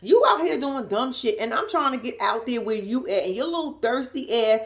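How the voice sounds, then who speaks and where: A woman's voice: a little high, very animated, fairly quick. A woman with a Southern US accent giving a blunt, sassy, laughing casual commentary as a vlogger. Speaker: reality TV recap vlogger.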